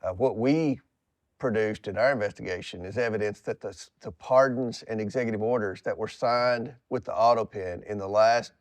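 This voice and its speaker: A man answering questions in a TV interview in a measured, matter-of-fact way. His voice sits fairly low. The sound is dry and close, with no room around it. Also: no echo.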